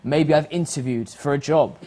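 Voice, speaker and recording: A man hosting a reflective religious talk, animated and acting out the voices he quotes. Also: fairly high pitch, moderate pace. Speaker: host.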